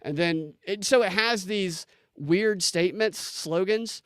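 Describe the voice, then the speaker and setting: A man hosting a commentary show, talking in an animated, incredulous way with many restarts as he reads posts aloud. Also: high-pitched, takes it slowly, smooth, no room sound, clean studio sound. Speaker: political commentary show host. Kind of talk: casual on-screen commentary.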